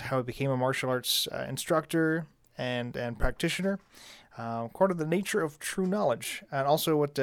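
Joking, rambling male podcast host. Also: medium pitch. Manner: jokey, rambling, many fillers. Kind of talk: casual interview chat. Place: convention venue.

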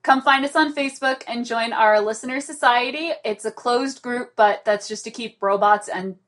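A woman with a slightly high voice hosts a casual podcast. She chats in an animated, giggly way. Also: normal speed. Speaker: podcast host.

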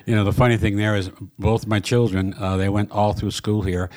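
Older guy w/ boston accent, lowish voice, rambling radio guest, lots of uhs. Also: fairly even intonation, fairly quick, a little mellow. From Massachusetts. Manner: chatty, many fillers and restarts. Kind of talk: casual radio interview.

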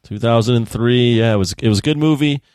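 A man on a podcast speaking in halting, stop-start phrases, often repeating his words before he gets them out. His voice sits in a middle range and sounds dry and right up close. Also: mid-range voice, a little mellow, clean tone, no echo. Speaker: podcast co-host. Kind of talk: casual chat.

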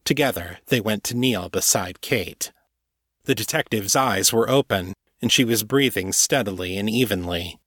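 Low-voiced man narrating fiction. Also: moderate pace, fairly bright tone, no room sound, clean studio sound. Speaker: audiobook narrator.

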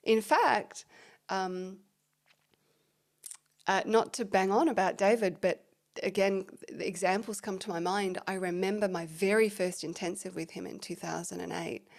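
A woman who leads intimacy workshops, talking expressively in a podcast conversation and often dropping to soft, breathy tones. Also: medium pitch.

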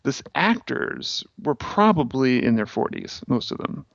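A man tells a long story with sardonic bite and lots of fillers. The audio is dry and a little dull, as in a podcast. His voice sits at a middling pitch. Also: sing-song, moderate pace, vocal fry, no room sound. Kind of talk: casual chat.

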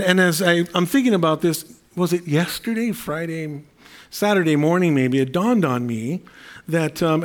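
A middle-aged male pastor preaching a sermon in an earnest, conversational way, with fillers and repeated phrases. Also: sits high.

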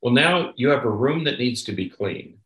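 Speaking in a mid-range, fairly bright and animated voice at a moderate pace, a psychologist co-hosting a parenting podcast chats casually about advice. He stresses his points emphatically with repeated "okay?" checks. The low-quality recording sounds roomy.

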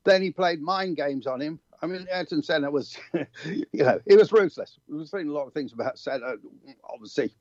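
Older male guest, anecdotal, slightly high, muffled remote line. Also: normal speed, darkish tone, dry recording. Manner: reminiscing, anecdotal, chuckling asides. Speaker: motorsport journalist and regular guest. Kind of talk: casual chat.

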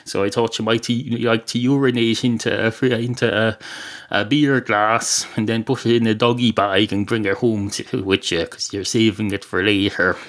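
A chatty male barman who rambles on and teases, played by a man in his own hoarse, low voice. The talk wanders with restarts and asides. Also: steady tone, moderate pace, a bit bright, natural voice. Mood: teasing. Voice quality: rambling, teasing.

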